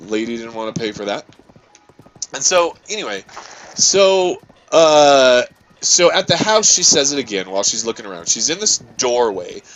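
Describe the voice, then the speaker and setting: A man's voice: medium pitch, low-quality recording. A man casually telling a story with lots of swearing and restarts while playing a video game. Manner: animated, swearing, tells an angry story with many restarts. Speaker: gaming channel host. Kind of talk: casual storytelling over gameplay.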